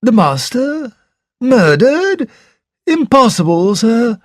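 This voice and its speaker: A man's voice: high-pitched, measured pace, darkish tone, no room sound, studio quality, pitched above the performer's own voice. A man voicing a deferential male butler in an audiobook, polite and formal, always saying sir. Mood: startled. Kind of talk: audiobook character reading.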